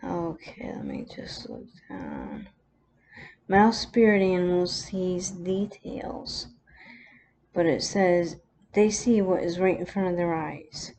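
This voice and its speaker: A woman vlogger telling a personal story, close to tears, halting with many pauses and restarts. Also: lowish voice, very animated, darkish tone, a little hiss or hum.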